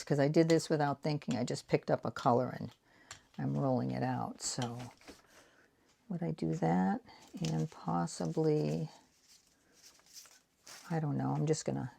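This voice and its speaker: Low-pitched and dark, her creaky voice moves at an unhurried pace with frequent pauses, over slight background noise. She's a Boston-area art vlogger in her sixties, rambling about her craft and teasing herself while she paints prints.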